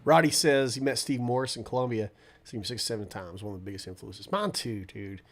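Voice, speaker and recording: A man's voice: mid-range voice, fairly quick. Stuffy-nosed man chatting on a livestream. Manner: laid-back, rambling, answers viewer chat. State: stuffy nose from a cold. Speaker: livestream host and guitarist. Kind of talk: casual livestream chat.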